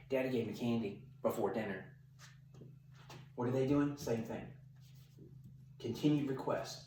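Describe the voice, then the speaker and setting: A middle-aged man with a mid-range voice, working as a corrections sergeant, gives emphatic, blunt, tough-talking training advice in an instructional address to camera. The recording has a little hiss or hum and a roomy feel, the mic set at a distance.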